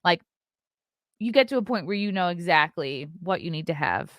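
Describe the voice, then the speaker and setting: A woman comedian chats through a clip from a room at home, musing aloud and full of filler words. Her voice sits fairly low, and the sound is dry and close. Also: animated, normal speed, no room sound, muffled recording. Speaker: comedian and online show host. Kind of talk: casual commentary on a clip. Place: home room with colored lights.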